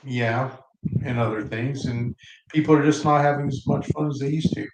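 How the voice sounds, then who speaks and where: A man's voice: mid-range voice, steady tone, moderate pace. Playful man in an echoey room. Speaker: co-host. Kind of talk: casual chat. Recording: echoey room with faint noise.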